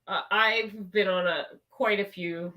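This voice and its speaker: A woman's voice: medium pitch, steady tone, a little slow, bright, forceful tone. A woman guest on a podcast, chatting casually and laughing often. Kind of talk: casual chat. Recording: distant from the mic.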